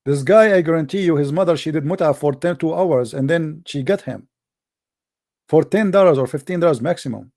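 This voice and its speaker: This time the Arabic-speaking live-stream host from the Middle East uses a slightly high, slightly mellow voice at a fairly quick pace. The debate is heated, and he stays combative, mocks his opponents and throws blunt insults.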